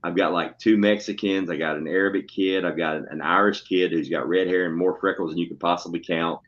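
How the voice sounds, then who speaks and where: A man's voice: deep voice, fairly even intonation, fairly quick, fairly bright tone. A man, a schoolteacher, telling stories in casual, profane, blunt chat. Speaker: podcast co-host, schoolteacher. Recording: dull lo-fi audio with faint noise.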